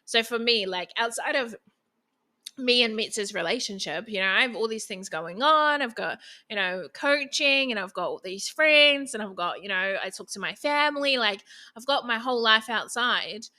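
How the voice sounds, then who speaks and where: Bright-voiced chatty young woman. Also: fairly high pitch, lively intonation, moderate pace. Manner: chatty, frank, many fillers and quoted asides. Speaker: podcast host. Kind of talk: casual advice monologue.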